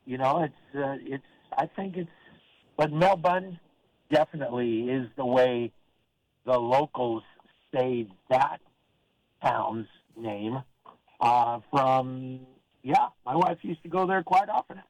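An older man from Oregon calling into a sports talk show, rambling in a halting, friendly way with lots of fillers and restarts. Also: mid-range voice, darkish tone, no echo, low-quality recording. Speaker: caller. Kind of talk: casual call-in chat.

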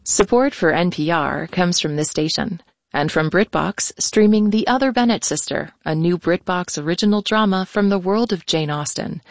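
Female public-radio announcer, lowish voice, dry booth sound. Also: creaky, no room sound. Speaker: sponsor announcer. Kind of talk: scripted announcement.

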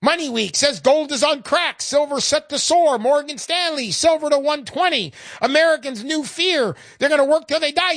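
A woman giving a chatty, sarcastic sales pitch with plenty of emphasis. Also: lively intonation, normal speed, no echo, clean studio sound. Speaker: sales spokesperson.

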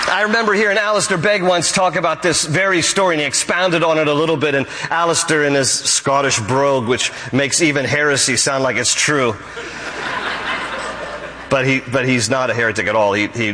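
Man, pastor, sermon, emphatic preaching, bright forceful tone, long reverb. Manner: emphatic preaching, rising to high exclamations.

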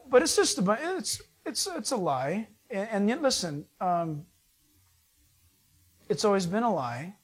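A man with a high voice preaches a sermon in a loose, folksy way. He jokes as he tells the story and keeps it animated.

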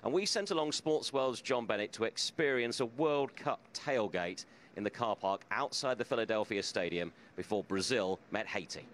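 Measured man presenting sports news. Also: lowish voice, background noise. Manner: measured, courteous. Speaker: radio presenter.

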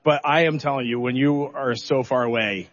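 Heard through a muffled recording, a middle-aged man who commands spacecraft talks at a normal speed in a mid-range voice. In this public interview he tells stories with lively self-deprecation, acts out his reactions, and at times chokes back tears.

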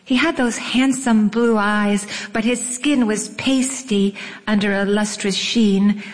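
A woman narrating a first-person memoir in a wry, unhurried storytelling manner. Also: on the high side. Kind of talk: audiobook memoir reading. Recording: long reverb.

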